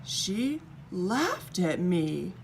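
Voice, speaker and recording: Woman doing a high wailing king. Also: sing-song, slow, vocal fry, a little hiss or hum, heavily acted. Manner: sobbing, wailing and high-pitched. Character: weepy wailing king, grown man.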